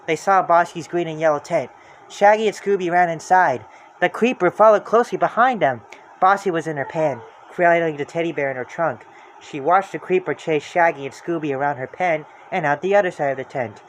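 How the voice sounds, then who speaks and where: A storybook reader narrating a children's book aloud in a lively, expressive way. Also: mid-range voice, a little fast, a little hiss or hum.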